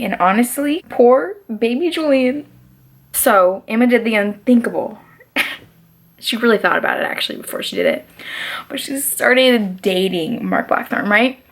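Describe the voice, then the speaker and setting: Gushing young woman book vlogger. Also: mid-range voice. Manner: gushing, emphatic, full of "like". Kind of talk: casual reading vlog.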